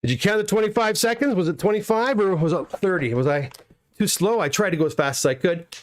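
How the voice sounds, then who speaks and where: A middle-aged Canadian man who runs a comic book pressing business hosts a casual live unboxing stream from his home workshop, talking fast in a high-pitched voice. He reads viewer comments aloud and answers each one in a chatty, self-deprecating way.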